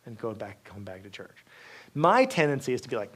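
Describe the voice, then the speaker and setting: A man's voice: medium pitch, moderate pace. Guy giving a campus talk, keeps saying okay? right?, rambly storyteller. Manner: lively storytelling with many asides and restarts; asks "okay?" and "right?" to check in with the audience. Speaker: guest speaker. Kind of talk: university lecture.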